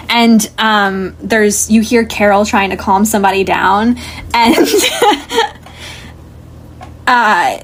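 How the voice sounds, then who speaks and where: A woman's voice: medium pitch, expressive, extremely slow, pauses often, a bit bright. A young woman narrating as game master in a casual college tabletop game podcast, rambling with fillers. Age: young adult.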